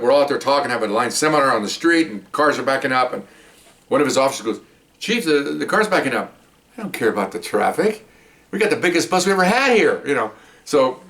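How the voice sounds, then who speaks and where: A man's voice: mid-range voice, fairly bright tone. A man, a police officer, casually telling a long rambling story from his work, often checking in with his listener. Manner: rambling, chatty, checks in with "okay?". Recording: voice a bit distant from the mic.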